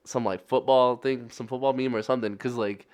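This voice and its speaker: A man's voice: medium pitch, steady tone, fairly quick, a little mellow. A young man co-hosting a casual podcast chat, telling a story in a laid-back way. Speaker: podcast co-host.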